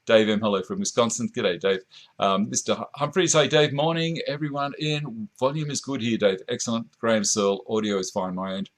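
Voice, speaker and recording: A man's voice: medium pitch, a little fast. An Australian man hosting a woodworking live stream, chatting casually, reading out viewer comments and chuckling often, recorded on a camera mic in a home workshop. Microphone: camera mic at a short distance.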